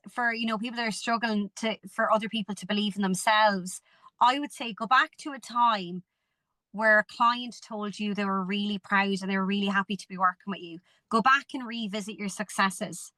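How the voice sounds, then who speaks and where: A woman's voice: fairly high pitch, dry recording. A woman, a podcast guest and coach, telling stories animatedly and acting out the dialogue. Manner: animated storytelling, acts out quoted dialogue. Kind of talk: casual podcast interview.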